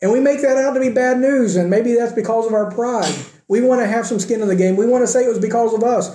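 A man preaching a sermon, asking rhetorical questions and moving between emphatic lines and hushed ones. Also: extremely high pitch, fast. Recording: echoey room.

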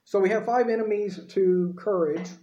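A pastor with a high, dark-toned voice preaches at a moderate pace, talking conversationally and often checking in with his listeners. The room is echoey and the recording sounds dull and lo-fi.

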